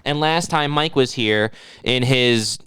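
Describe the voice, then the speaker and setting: Young guy podcast cohost, super clear smooth voice, dry close mic, rambles and swears a lot. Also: mid-range voice, slow, a bit bright, no room sound. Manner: rambling, profane, drifts into mock voices. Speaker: podcast co-host. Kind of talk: casual podcast banter.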